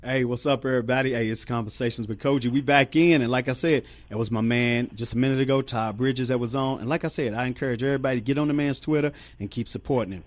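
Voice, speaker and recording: A man's voice: mid-range voice, fairly even intonation, fast, hardly any pauses, no room sound, soft background music. Upbeat slangy male talk show host. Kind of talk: casual interview chat.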